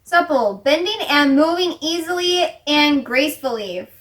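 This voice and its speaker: A young woman with a high, lively voice chats alongside a friend's unboxing. She teases and corrects her with easy, playful confidence, her pitch swinging widely as she talks. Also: far from the mic. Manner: teasing, quick to correct. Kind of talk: casual chat.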